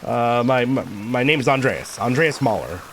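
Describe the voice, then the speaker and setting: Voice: mid-range voice, expressive, moderate pace, slight background noise, close to an everyday voice. A streamer voicing a polite, formal male artist with a put-on German accent. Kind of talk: game dialogue read aloud.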